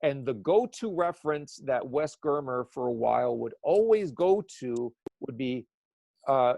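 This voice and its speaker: A man's voice: medium pitch, animated, a little slow, creaky, mellow, no echo. A man who works as an eyewitness sketch artist, talking in a casual podcast conversation and rambling with many restarts.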